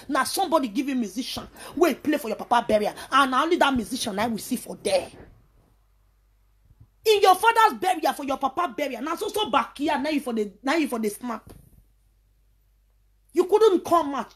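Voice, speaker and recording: A woman with a Nigerian accent in a heated, scornful vlog rant, hurling insults and sliding into sing-song chanted taunts. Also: high-pitched. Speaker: vlogger.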